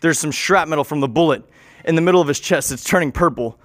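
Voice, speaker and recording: A man's voice: on the high side, fast, no room sound, studio quality. A young man telling a goofy, rambling improvised story, interrupting and correcting himself as he goes.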